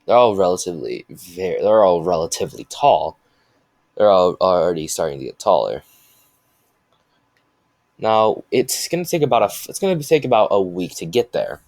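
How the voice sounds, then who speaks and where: A man's voice: low voice, big pitch swings, normal speed, darkish tone, no echo. A man improvising a fan story and rambling along with many restarts and fillers.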